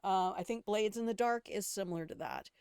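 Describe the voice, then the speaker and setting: A woman's voice: medium pitch, brisk, darkish tone, clear, resonant tone, dry recording, studio quality. Blunt, foul-mouthed older woman streamer. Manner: blunt, opinionated, swears freely; rambling asides and restarts. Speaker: game streamer. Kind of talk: casual gameplay commentary.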